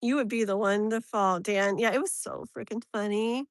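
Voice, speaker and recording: A woman's voice: mid-range voice, moderate pace, no echo. Chatty woman livestreaming, dry close sound. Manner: rambling, chatty, laughs often. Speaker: live tarot reader and streamer. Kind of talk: casual live-stream chat.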